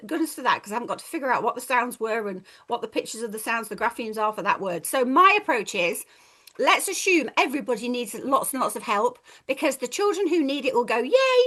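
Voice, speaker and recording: A woman's voice: on the high side, a bit bright. A woman, a reading teacher, giving a chatty, playful training talk and acting out children's voices. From England.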